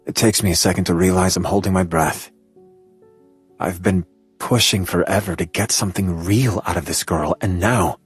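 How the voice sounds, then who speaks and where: A man's voice: low-pitched, normal speed, husky, faint music behind. A man narrating an audiobook in the first person, with an intense, breathless inner-monologue delivery.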